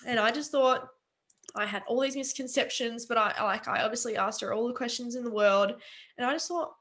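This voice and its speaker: A woman's voice: on the high side, fairly quick, fairly bright tone. Emotional young woman on a call. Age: young adult. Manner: earnest, emotional, many fillers. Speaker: webinar guest. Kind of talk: casual personal story on a video call. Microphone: video call.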